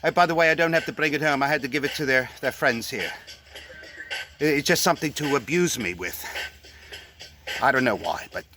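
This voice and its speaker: Filming a jokey travel vlog at an outdoor market bar, a man rambles and teases himself, pausing often. His mid-range voice is expressive and brisk, competing with a loud live band playing behind him.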